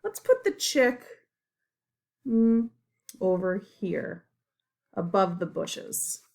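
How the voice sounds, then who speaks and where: Slow, gravelly-voiced woman teaching small children. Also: medium pitch, big pitch swings. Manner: gentle and encouraging, with drawn-out animal sounds. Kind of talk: slow, simple lesson for young children.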